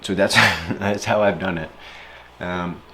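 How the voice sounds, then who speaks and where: A young man talking casually about handling stress, playful and animated, often slipping into silly voices and acted-out quotes. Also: low-pitched, takes it slowly, a little hiss or hum. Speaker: speaker reflecting on stress. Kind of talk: casual reflective monologue.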